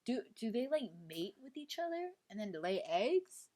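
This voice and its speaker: A woman's voice: fairly high pitch, sing-song, normal speed, a little mellow. A bubbly young woman co-hosting a podcast in casual chat. She giggles often and drops easy slang into her talk. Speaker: podcast co-host.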